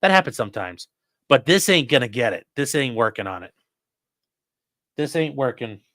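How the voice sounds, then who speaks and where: A man's voice: mid-range voice, big pitch swings, moderate pace, a bit bright, dry recording, clean studio sound. A man hosting a live stream, giving blunt, profane, mocking commentary to his chat. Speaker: streaming host.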